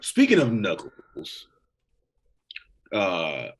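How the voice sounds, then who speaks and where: A man's voice: low-pitched, wildly swooping pitch, extremely slow, slightly rough. An American man co-hosting a podcast in casual chat, laid-back and rambling, swearing freely. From United States. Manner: laid-back, heavily profane, rambling with restarts. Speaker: podcast co-host.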